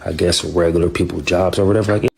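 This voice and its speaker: A man's voice: low voice, fairly even intonation, fast talker, gravelly. A man co-hosting a talk show, chatting casually and loosely with lots of filler words. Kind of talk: casual chat.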